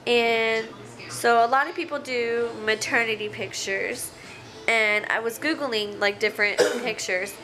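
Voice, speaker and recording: A woman vlogging casually at home, chatty and excitable. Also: fairly high pitch, a little slow, soft background music, poor audio. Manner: chatty, excitable, sing-song baby talk to her pets. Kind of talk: casual home vlog chat. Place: living room at home. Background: TV show with cheering audience playing.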